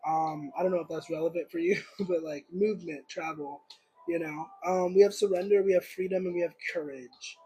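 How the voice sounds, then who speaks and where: A man's voice: high voice, animated, fairly quick, vocal fry, warm tone, breathy edge, rough recording. A young man giving a casual livestream tarot reading, rambling and searching for words with lots of fillers. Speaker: tarot reader.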